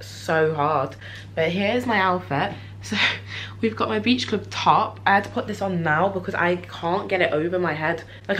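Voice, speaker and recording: A young woman vlogging to camera in a chatty, excitable way, full of "like" fillers. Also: fairly low pitch, a little hiss or hum, rough recording. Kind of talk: casual vlog chat to camera.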